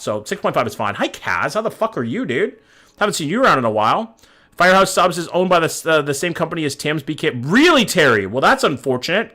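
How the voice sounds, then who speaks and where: A man's voice: a little high, sharp tone. Profane casual man streaming. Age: 30s. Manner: casual, profane, reads chat aloud. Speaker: live streamer. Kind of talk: live stream reaction chat.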